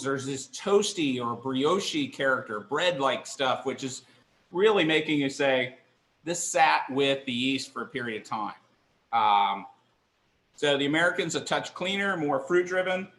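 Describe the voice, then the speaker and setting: Standing at his kitchen counter indoors, a middle-aged man leads a live online wine tasting, cheerfully chatting and making fun of himself. He speaks unhurriedly with a fairly high, slightly bright voice and lively intonation, in a roomy-sounding space.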